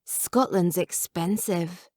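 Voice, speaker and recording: A woman's voice: fairly low pitch, takes it slowly, dark tone, no echo, clean studio sound. A woman reading the lines of a tired young nurse, plain and direct, in an audiobook.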